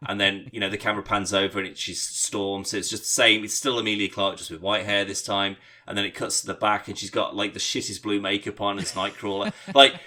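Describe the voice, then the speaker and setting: A man's voice: on the low side, steady tone, fairly quick, hardly any pauses, sharp tone. A man co-hosting a podcast, chatting casually with dry, sardonic quips. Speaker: podcast co-host. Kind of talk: casual chat.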